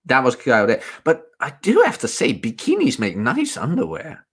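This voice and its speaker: A man's voice: wildly swooping pitch, normal speed. A man co-hosting a podcast, chatting crudely and casually and laughing often. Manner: laughs often, puts on high voices when quoting women. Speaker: podcast co-host.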